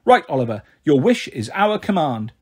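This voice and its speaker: A man voicing an anxious, tattooed mother who drinks and tries hard to please, coaxing with endearments in a husky voice. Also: on the high side, sing-song, moderate pace.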